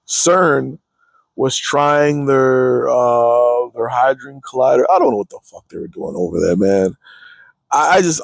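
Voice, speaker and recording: A man's voice: mid-range voice, darkish tone, no room sound. A young man hosting his own show, chatting loosely from his parked car, cutting himself off, joking and swearing as he talks. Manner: loose, self-interrupting, swears and jokes. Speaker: podcast host. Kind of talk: casual rambling commentary.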